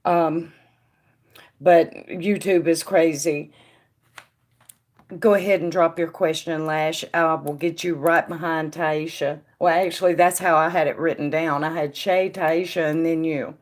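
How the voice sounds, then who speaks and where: A woman hosting a casual live tarot reading, chatting with viewers by name and dropping to a quiet murmur when she puts questions to the cards. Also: low voice, steady tone, a little slow. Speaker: tarot reader and stream host.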